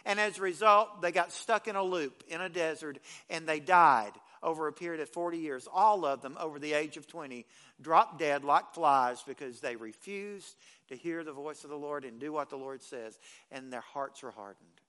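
A man's voice: a little high, moderate pace, pushed and bright, smooth. A man pastor delivering a folksy, conversational sermon, often restarting phrases as he speaks.

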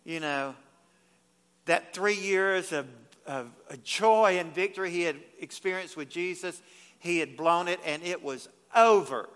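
A male pastor preaches an evening sermon, his bright, high, clean-toned voice echoing through the church with a long hall reverb. He alternates hushed, unhurried lines with loud, urgent bursts and performs the scripture quotations.

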